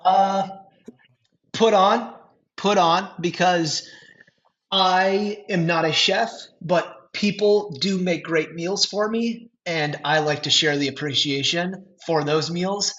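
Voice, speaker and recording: This Minnesotan podcast guest, a man with the state's accent, speaks in a high voice at a slow pace. He's an animated storyteller who laughs a lot and restarts often in this casual chat, recorded with dull lo-fi sound.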